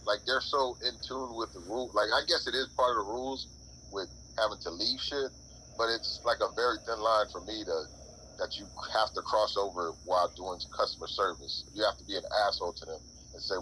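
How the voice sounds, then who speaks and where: A man's voice: fairly low pitch, brisk, a little hiss or hum, poor audio. A man telling work stories in casual, profane chat on a podcast. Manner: profane, animated storytelling. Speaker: podcast co-host.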